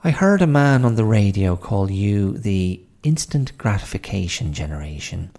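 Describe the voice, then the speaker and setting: A man voicing a sharp-tongued, sarcastic elderly woman with an Irish accent. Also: on the low side, very animated, normal speed. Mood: sardonic. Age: older. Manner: dry, sarcastic.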